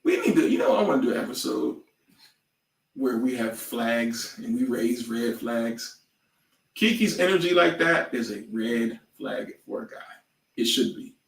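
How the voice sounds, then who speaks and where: A man co-hosting a podcast in casual chat, animated and prone to loud outbursts and impressions. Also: mid-range voice, unhurried, roomy sound, recorded from a distance. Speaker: podcast co-host.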